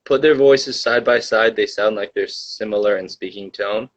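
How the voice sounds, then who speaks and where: A man's voice: fairly low pitch, moderate pace, poor audio. A young man hosting a casual livestream, telling a rambling story full of fillers and reading the chat.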